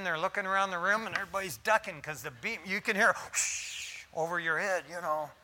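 A man preaching a sermon as a pastor, folksy and animated, with slangy asides, swinging from loud emphasis down to near-whispers. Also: high-pitched.

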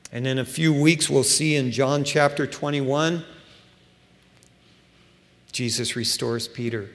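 A man preaching a sermon as pastor, animated and emphatic, with casual asides to his congregation. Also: medium pitch, slow, vocal fry. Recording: long hall reverb.

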